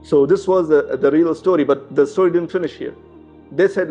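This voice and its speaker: A man's voice: on the high side, normal speed, dark tone. Man telling a true story, slightly muffled. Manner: conversational, many fillers and restarts, sprinkled with Arabic phrases. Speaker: religious storyteller. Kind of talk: casual storytelling with acted quotes. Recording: slightly muffled, faint music behind.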